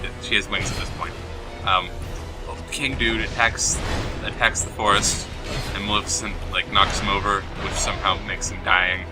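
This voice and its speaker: A man speaks at normal speed in a lowish, flat voice while co-hosting a gaming show, game music audible in the background. Casually chatting as he plays, he recounts a movie plot with a dismissive, rambling style and plenty of fillers.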